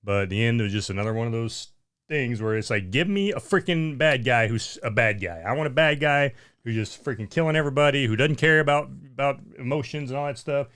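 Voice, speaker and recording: A man's voice: medium pitch, lively intonation, a little fast, a bit bright, clean tone. A man co-hosting a casual chat, blunt and exasperated, often repeating himself and saying "man". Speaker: podcast co-host.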